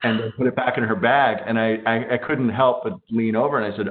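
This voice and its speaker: A man recounts a work story in a relaxed, chatty way. His voice is mid-pitched. The call audio is narrow and tinny. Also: brisk. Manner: easygoing, anecdotal. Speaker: audiobook producer. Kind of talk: casual storytelling on a video call.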